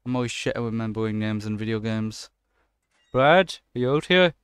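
A young man giving a casual, jokey let's-play commentary, excitable and swearing often as he plays. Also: on the low side, moderate pace, clean tone, no room sound. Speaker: gaming channel host.

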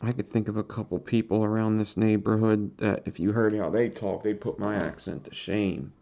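Gravelly Philadelphia man, joking. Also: on the low side, fairly even intonation, moderate pace, dark tone, lo-fi sound. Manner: joking, profane, addresses viewers directly. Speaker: invertebrate keeper streaming to viewers. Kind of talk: casual livestream chat.

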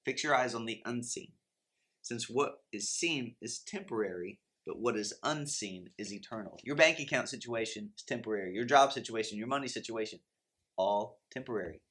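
A man's voice: on the low side, moderate pace, a bit bright. A man in his thirties teaching in an earnest, emphatic way, often acting out the prayers and reactions of believers. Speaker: Christian finance teacher. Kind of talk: motivational faith teaching.

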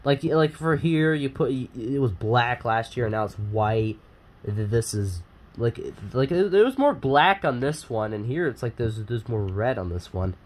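A man's voice: medium pitch, lively intonation, unhurried. A man chatting casually as he unboxes die-cast cars, rambling with lots of fillers and self-corrections. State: sniffly. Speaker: die-cast collector and YouTuber.

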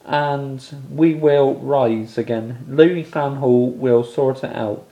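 Furious fan ranting, slow and heated. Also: male voice, medium pitch, steady tone, dull audio. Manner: furious, swearing, exasperated. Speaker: football fan vlogger. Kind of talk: angry fan rant to camera.

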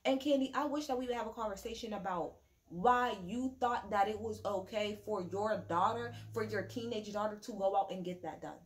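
A woman giving a casual, profane, sassy rant reviewing a reality show, with quick mocking asides. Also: medium pitch. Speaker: reality TV recap vlogger. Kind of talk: casual ranting recap.

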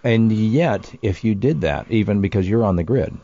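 A man hosting a radio talk show, chatting casually with halting restarts and rhetorical questions. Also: on the low side, warm tone. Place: radio studio. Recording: slightly dull radio studio audio.

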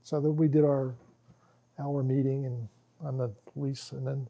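Speaking at a measured pace in a creaky, mid-range voice, a man shares stories at a workshop for a small group. He keeps it casual and animated, laughing often and acting out quoted lines, and the recording sounds lo-fi.

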